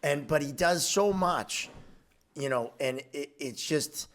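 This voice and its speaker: A man's voice: a little high, slow, a bit bright. A man hosting a podcast, a comedian chatting casually with effusive, profane praise.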